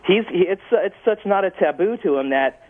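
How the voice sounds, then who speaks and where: A man calls into a radio talk show and chats in a friendly, halting way. His voice sits a little high. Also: animated, phone-quality sound. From Southern California. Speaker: radio caller. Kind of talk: phone-in chat.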